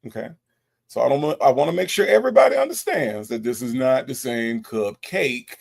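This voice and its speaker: Sassy gravelly-voiced male host. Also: mid-range voice, animated, fairly quick. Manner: sassy, emphatic repetition. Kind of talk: livestream commentary reading chat.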